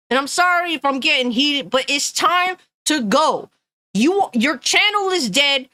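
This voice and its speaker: A woman's voice: high-pitched, animated, measured pace, sharp tone, no echo. A woman gaming news streamer ranting angrily and bluntly, swearing often and reading chat comments aloud. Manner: angry, profane, blunt.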